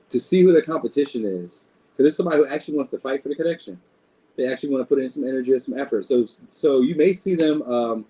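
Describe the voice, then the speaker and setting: A man's voice: mid-range voice, dark tone, slightly rough, low-quality recording. A man giving a casual tarot reading in a loose, rambling way, swearing freely as he talks. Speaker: tarot reader.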